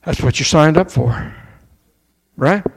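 A man's voice: a little high, takes it slowly, vocal fry, breathy edge. A man preaching a sermon as pastor to his church, talking in a conversational way, firing off rhetorical questions and mimicking doubters. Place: church sanctuary. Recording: echoey church hall, long reverb.

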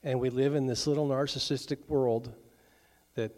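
A middle-aged male pastor preaching a sermon in a conversational way, with joking asides and quick acted-out voices. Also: mid-range voice, steady tone, darkish tone.

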